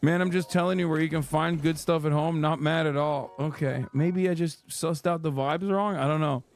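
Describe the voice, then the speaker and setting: A man's voice: on the high side, steady tone, moderate pace. A man streaming live, chatting casually and reacting to chat with lots of swearing. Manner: profane, chatty, reads chat aloud.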